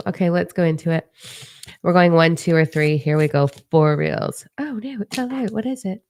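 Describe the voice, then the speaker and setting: A young woman hosting a spiritual livestream, reading cards and answering viewers in a blunt, profane, animated way. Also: fairly low pitch, moderate pace. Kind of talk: casual livestream chat, tarot-style reading.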